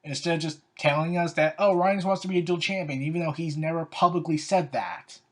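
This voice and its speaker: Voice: medium pitch, fairly quick. A wrestling commentator giving casual opinion commentary, sarcastic and exasperated, with lots of "so, yeah" and "like" fillers.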